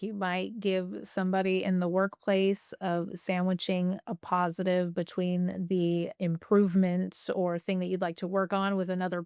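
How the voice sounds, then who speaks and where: A woman speaking as a podcast guest explains her ideas patiently, often tagging her points with "right?" Her voice is smooth and clear at a middle pitch. The recording is dry and close. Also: dry recording. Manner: warm explanatory, tags with "right?", laughs lightly. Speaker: sexologist guest. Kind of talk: explaining in an interview.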